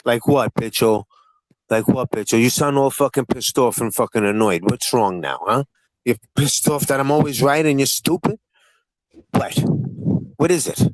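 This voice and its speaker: A man's voice: mid-range voice, normal speed, no echo, low-quality recording. A man hosting a livestream panel, talking in a profane, taunting and combative way. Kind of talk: heated livestream panel chat.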